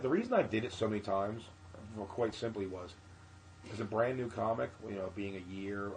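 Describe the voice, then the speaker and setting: Animated, profane male comedian storyteller. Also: fairly low pitch, slight background noise, rough recording. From Philadelphia area. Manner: animated, profane anecdote with acted-out quotes. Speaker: comedian guest. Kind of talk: podcast storytelling.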